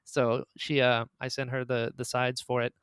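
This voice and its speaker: A man, the creator of an audio drama, chatting on a podcast in an excitable, storytelling way. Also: medium pitch, moderate pace, smooth, no echo, studio quality. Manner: excitable storyteller, acts out quoted lines. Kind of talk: casual podcast chat.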